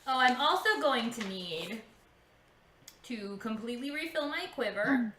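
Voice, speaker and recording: Bright, playful woman in a tabletop game. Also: fairly high pitch, animated, unhurried, reverberant, slight background noise. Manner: playful, wheedling. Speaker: player. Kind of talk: in-character tabletop role-play.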